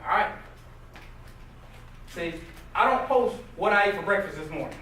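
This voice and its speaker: Male motivational speaker, high and lively, far off mic in a roomy, noisy hall. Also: moderate pace. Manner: animated, jokey, questions the crowd. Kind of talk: live motivational talk to an audience. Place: hall with a live audience. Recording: distant echoey room recording with noise.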